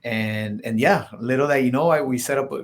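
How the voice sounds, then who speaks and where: A man speaking at a middle pitch, chatting as a podcast guest. He rambles through his stories with constant "like" and "you know". He jumps into the voices of the people in them as he goes. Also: moderate pace, slight background noise. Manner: acts out quoted dialogue in his stories. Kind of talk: casual storytelling interview.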